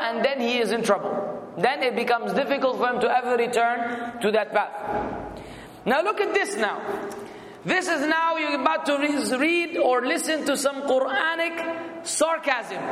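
A man's voice: very high voice, fairly bright tone, reverberant, in a large hall, slight background noise. A man giving a religious lesson, quizzing and joking with his students and reciting Arabic. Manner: quizzes students and jokes with them. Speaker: Islamic religious teacher.

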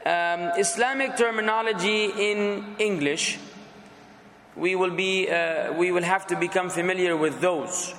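Teaching in an echoey classroom with some background noise, this man speaks in a high, steady, slightly bright voice at a measured pace. His style is casual and conversational, and he keeps repeating questions and words to the class until a student responds.

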